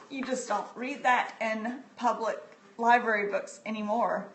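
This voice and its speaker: A woman's voice: fairly high pitch, fairly even intonation, unhurried, fairly bright tone, slight background noise. Chatty middle-aged woman, echoey room. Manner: chatty and heartfelt, with frequent ums. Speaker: livestream host sharing books. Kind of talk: casual live-stream book talk. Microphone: phone. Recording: echoey room, phone mic.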